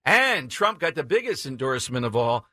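Brash bright-voiced radio host. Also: male voice, mid-range voice, very animated, moderate pace, no echo, studio quality. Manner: brash, chuckling asides. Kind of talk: opinionated political talk radio.

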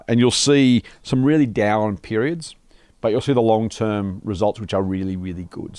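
A man's voice: fairly low pitch, a little mellow, dry recording. Matey Australian man, dry sound. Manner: matey, encouraging, calls listeners mate. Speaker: podcast co-host. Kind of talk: casual chat.

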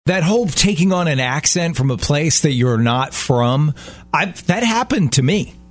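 A man's voice: a little high, lively intonation, moderate pace. A man co-hosting a casual talk show, cracking jokes and asking teasing questions. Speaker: radio show co-host. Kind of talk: casual morning show banter.

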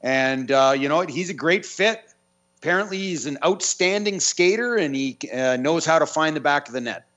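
A man's voice: a little high, lively intonation, normal speed, a bit bright, dull audio. Hesitant male sports radio co-host. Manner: hesitant, lots of fillers. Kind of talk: casual sports radio chat.

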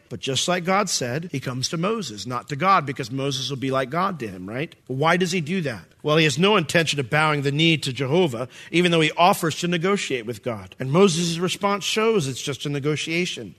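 Bright-voiced male pastor preaching. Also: on the high side, lively intonation, brisk, few pauses. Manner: conversational, rhetorical questions, reads scripture aloud. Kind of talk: sermon.

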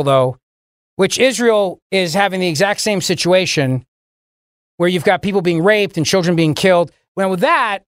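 Talk-radio host man, high-pitched and dry studio sound, indignant and sarcastic. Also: no echo. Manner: indignant, sarcastic, mocking asides. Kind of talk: political talk radio commentary. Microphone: studio microphone.

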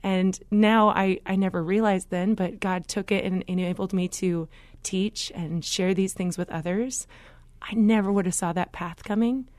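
A woman in a faith podcast interview, telling her story earnestly and with animation, throwing in quick asides. Her pitch sits in the middle, and the sound is dry and close with no room around it. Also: fairly even intonation, darkish tone, dry recording. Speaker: guest.

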